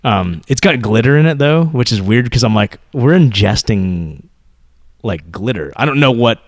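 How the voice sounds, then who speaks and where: A man in his thirties co-hosting a podcast, telling animated stories, swearing freely and acting out quotes. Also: mid-range voice, brisk, no echo, clean studio sound. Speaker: podcast co-host. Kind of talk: casual chat.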